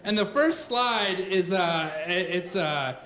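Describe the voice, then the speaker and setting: A man in his thirties telling a true story on stage, animated, comic and self-mocking. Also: sits high, slow.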